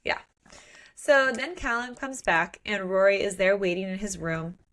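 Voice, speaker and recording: A woman co-hosting a podcast, recapping a novel in casual chat, animated, laughing often and acting out the characters' lines. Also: medium pitch, normal speed. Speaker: podcast co-host. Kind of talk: casual book discussion.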